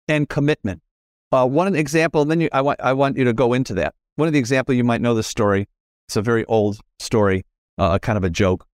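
A man hosting a casual interview, talking with enthusiasm and sudden leaps in pitch. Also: no echo, clean studio sound. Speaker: podcast host. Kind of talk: casual conversation.

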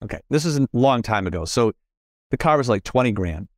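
A middle-aged man talks as a podcast guest in casual, earnest conversation about spirituality. He repeats phrases and restarts his sentences often. His medium-pitched voice is recorded close and dry, with no room echo. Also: animated, brisk. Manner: earnest, repetitive, self-correcting.

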